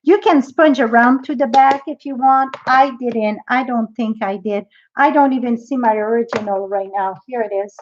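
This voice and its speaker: A woman's voice: fairly high pitch, moderate pace, hardly any pauses, lo-fi sound, a little hiss or hum. A woman demonstrating a craft project in a live tutorial, chatty and thinking aloud as she works.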